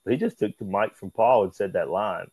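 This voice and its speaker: Man, low and warm, animated storyteller, swears freely, dry close sound. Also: brisk, slightly rough, no echo, rough recording. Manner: animated, acts out quotes in raised voice, swears, says "brother" and "man". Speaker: interview guest, pro wrestler. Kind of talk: casual storytelling interview.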